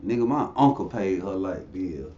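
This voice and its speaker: A man's voice: sits low, animated, moderate pace, warm tone, echoey room, muffled recording, slight background noise. A man giving an interview, telling stories in a blunt, profane, preachy way. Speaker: interview guest. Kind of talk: casual conversational storytelling.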